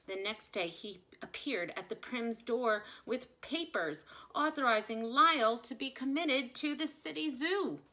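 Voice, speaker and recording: A woman reading a children's picture book aloud with expressive, dramatic delivery. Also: on the high side, a little slow, hardly any pauses. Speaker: storyteller.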